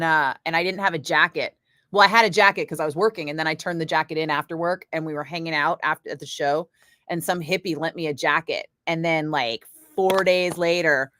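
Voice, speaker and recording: Middle-aged woman DJ, low voice, blunt and salty, chatting live into a dry studio mic. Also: fairly bright tone, no room sound. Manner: blunt, swears freely, quick asides to chat. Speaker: radio DJ chatting with livestream viewers. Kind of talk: casual livestream chat. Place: home studio. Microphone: studio microphone.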